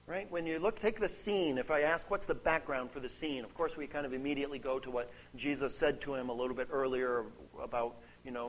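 A man preaching a sermon, conversational and animated, often checking in with "right?" and reading scripture aloud. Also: medium pitch, fairly quick, few pauses. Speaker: pastor.

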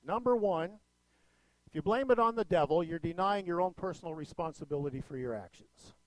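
A middle-aged man preaching a sermon as pastor, telling a family story with lively swings in pitch and loudness. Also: fairly quick, dry recording, rough recording.

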